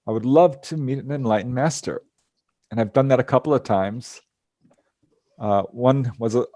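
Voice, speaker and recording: A man's voice: medium pitch, a little mellow, no room sound, studio quality. A man telling stories of his out-of-body experiences to a group over a video call, earnest and laughing often. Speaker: guest speaker. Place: home.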